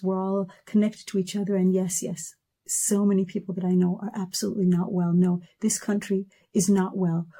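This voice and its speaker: A woman's voice: medium pitch, warm tone. A woman in her thirties giving an emotional personal testimony in a video message, talking with passion and stacking repeated words into rising lists.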